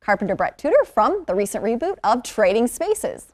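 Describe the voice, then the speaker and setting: A woman's voice: fairly high pitch, sing-song, moderate pace, darkish tone. Chatty woman co-host reading entertainment news. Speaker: TV morning show co-host. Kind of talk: news segments and studio chat. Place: TV studio.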